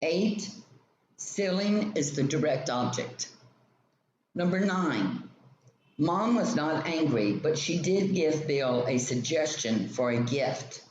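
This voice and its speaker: A male teacher slowly reading a grammar textbook lesson aloud, explaining each example sentence step by step. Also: on the high side, animated, darkish tone. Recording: roomy, dull lo-fi sound with faint ambient noise.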